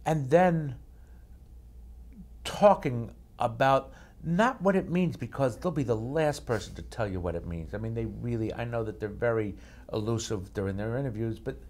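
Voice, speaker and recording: Man, actor, halting, restarts words, mid-pitched voice. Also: darkish tone. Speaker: actor interviewed as a guest. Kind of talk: casual interview talk.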